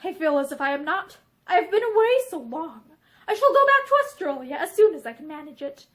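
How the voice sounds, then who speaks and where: A woman's voice: very high voice, sing-song, fairly quick, a bit bright, full character voice. A woman doing a grim, hard man. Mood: reserved. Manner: level, clipped, coldly earnest.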